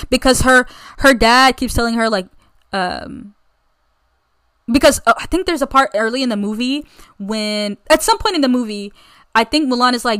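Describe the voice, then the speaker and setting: Chatty young American woman, slightly high. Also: lively intonation, moderate pace, a bit bright. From United States. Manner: chatty, rambling, enthusiastic. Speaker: podcast host. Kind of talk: casual solo movie review chat.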